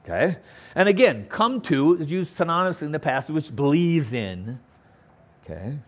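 A man's voice: on the high side, sing-song, normal speed. A man teaching a Bible passage verse by verse, stressing words by repeating them and checking in with "okay?".

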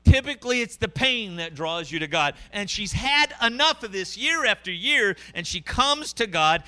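A middle-aged man preaching a sermon, conversational and animated, with frequent asides to the congregation. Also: sits high, moderate pace, few pauses, smooth. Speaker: pastor.

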